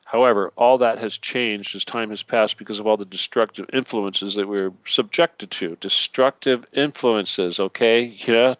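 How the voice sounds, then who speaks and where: A man's voice: medium pitch, fairly bright tone, no echo, highs cut off. A man hosting an internet radio talk show, teaching in a preachy way, often checking in with "okay" and "all right" and adding jokey asides.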